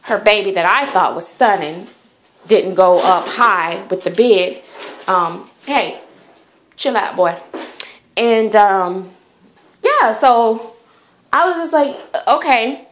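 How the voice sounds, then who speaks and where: A woman's voice: mid-range voice, lively intonation, slow pace, a little hiss or hum. A woman vlogger chatting casually to the camera in a rambling way, full of fillers. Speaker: doll collector vlogger.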